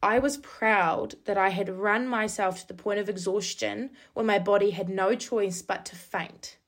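A young woman from New Zealand, hosting a podcast and telling a candid, confessional personal story in quick bursts. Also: mid-range voice, steady tone. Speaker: podcast host.

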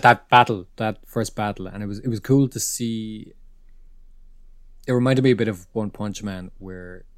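A man with a fairly low voice talks films on a podcast with animated energy. He stumbles and repeats words as he gets worked up. The sound is dry and close, with no room around it. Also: dry recording. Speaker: podcast co-host. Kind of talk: casual film chat.

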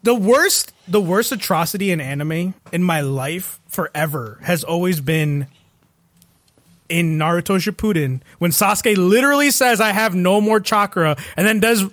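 A young man ranting profanely in a casual chat, animated and exasperated. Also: high voice, normal speed, no room sound. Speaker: podcast co-host. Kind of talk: casual rant.

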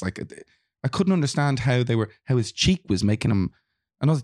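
A man's voice: mid-range voice, quick pace, darkish tone, no echo, clean studio sound. A man with an Irish accent, co-hosting a casual film podcast, chatty and rambling. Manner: chatty, rambling with restarts and laughs. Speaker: podcast co-host. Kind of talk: casual chat.

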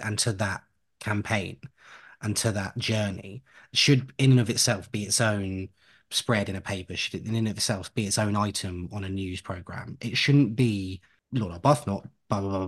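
A podcast co-host chats at home in a relaxed way, his lowish voice carrying a breathy edge. He rambles, wanders onto tangents, and laughs through asides as he goes.

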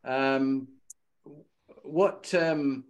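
A man's voice: mid-range voice, extremely slow. A man hosting an interview series, asking rambling, hesitant questions. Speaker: podcast host. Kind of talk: conversational interview.

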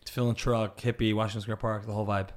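A man hosting an interview, chatty and loose, with lots of fillers and quick agreements. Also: on the low side, flat delivery. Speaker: host, interviewer. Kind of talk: casual interview chat.

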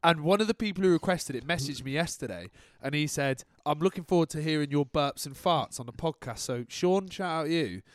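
A man's voice: on the high side, lively intonation, a little fast, few pauses, dry recording. A man co-hosting a football podcast in a laddish, joking manner. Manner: laddish, jokey, silly voices. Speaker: podcast co-host. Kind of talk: casual football chat.

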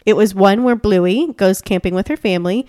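A woman's voice: mid-range voice, normal speed, mellow, no echo, studio quality. A woman co-hosting a casual chat show, gushing and chatty with lots of fillers and restarts.

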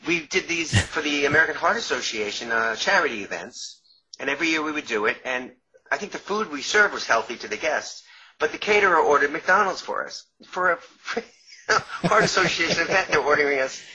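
A man's voice: a little high, expressive, brisk, pushed and bright, a little hiss or hum. A man with a New York accent, a former caterer telling rambling stories as an interview guest, often laughing mid-story. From Long Island, New York. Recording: dull lo-fi sound.

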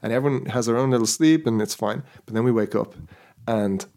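A man's voice: medium pitch, a little fast, gravelly, dark tone. A man hosting a casual podcast chat. He tells a long story in a rambling way and keeps checking in with his listeners as he goes. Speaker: podcast host.

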